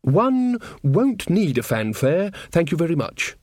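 A man's voice: fairly high pitch, big pitch swings, a little mellow, no room sound, clean studio sound, pitched above the performer's own voice. A man playing a prim young queen. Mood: haughty. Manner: slow, prim and formal. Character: prim young queen, earnest and stiffly regal.

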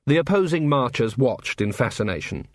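A man's voice: mid-range voice, moderate pace, no room sound, studio quality. A man narrating a fantasy audiobook and voicing many characters in turn. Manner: lively, voices many characters. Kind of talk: scripted narration with character voices.

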